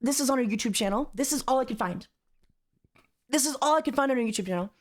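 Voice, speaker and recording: A woman's voice: a little high, lively intonation, quick pace. A woman streamer reacting on a live stream, rambling and exasperated, repeating herself as she talks. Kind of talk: casual livestream commentary.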